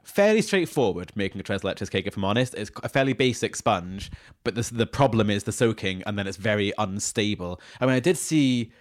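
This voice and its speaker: A man's voice: lowish voice, expressive, brisk, dry recording. A man co-hosting a podcast in casual chat, dry and teasing with cheeky asides. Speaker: podcast co-host.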